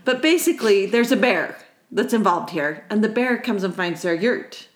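A woman's voice: mid-range voice, expressive, normal speed. A woman co-hosting a casual chat, retelling a secondhand story in a wry, giggly way. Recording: roomy echo.

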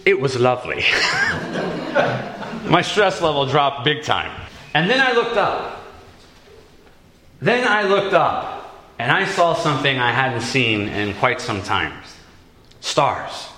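A man preaching a sermon, telling stories with dramatic pauses. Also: medium pitch, very animated, sharp tone, roomy sound. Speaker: pastor.

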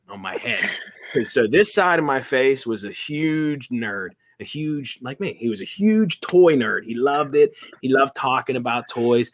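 A man, a toy collector and interview guest, telling stories in an animated, self-deprecating, rambling way. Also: medium pitch, unhurried. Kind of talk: casual interview storytelling.

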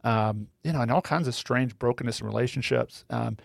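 Man, podcast host, gravelly voice, reflective, asks questions, dry sound. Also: mid-range voice, brisk, no echo. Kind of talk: podcast discussion.

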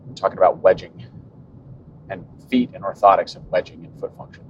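A man in his fifties talks through a solo podcast from behind the wheel, his voice sitting low. He thinks aloud with wry, sarcastic asides. The sound is muffled, with a faint road rumble under it. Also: fairly quick. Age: 50s. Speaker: cycling podcast host and coach. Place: in a moving car.

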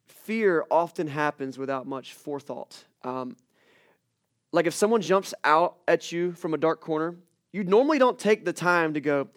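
A young male pastor preaching with a high, light voice and a casual, storytelling manner. He acts out little scenes and screams as he goes. The sound is dry and close. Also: animated, a little fast, fairly bright tone, dry recording. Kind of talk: sermon.

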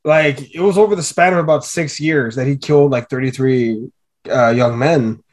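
A man's voice: medium pitch, moderate pace. A man co-hosting a podcast in casual chat, rambling with many fillers and restarts. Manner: rambling, hesitant, filler-heavy talk. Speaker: podcast co-host.

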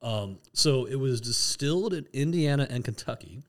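A man's voice: mid-range voice, expressive, moderate pace. A man co-hosting a casual whiskey tasting, talking in a rambling way, often restarting and laughing at himself. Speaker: podcast co-host.

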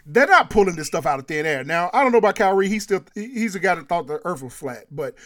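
A man co-hosting a casual sports and culture chat, animated and laughing often, repeating himself as he builds a point. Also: high-pitched, fast. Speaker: podcast co-host.

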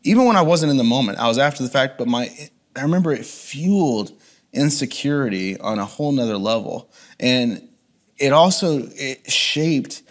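A man's voice: medium pitch, animated, moderate pace. A man reflectively sharing a personal testimony as an interview guest, with frequent restarts. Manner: earnest, reflective, many restarts.

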